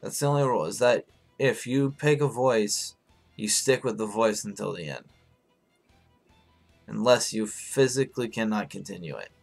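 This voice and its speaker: A man hosting a live stream in casual chat, hoarse and rambling, swearing freely as he answers his viewers. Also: lowish voice, moderate pace, soft background music.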